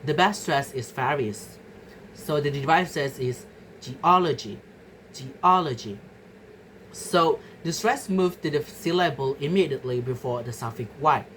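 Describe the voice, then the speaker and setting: A woman's voice: extremely low pitch, moderate pace, slight background noise, rough recording. A young woman from Indonesia giving a class presentation, carefully repeating example words to show their stress. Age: young adult. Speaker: student presenter.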